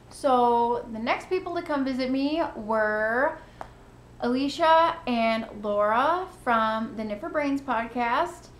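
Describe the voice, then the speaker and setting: A woman's voice: fairly high pitch, fairly bright tone, roomy sound, a little hiss or hum. Gushing woman hosting a knitting podcast. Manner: gushing, enthusiastic, thankful. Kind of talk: casual chat to camera.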